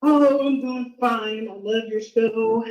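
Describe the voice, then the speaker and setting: A woman's voice: on the high side, steady tone, slow, darkish tone, echoey room, lo-fi sound. A woman calling in to a show while out walking, slightly out of breath, speaking earnestly about her own life. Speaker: caller.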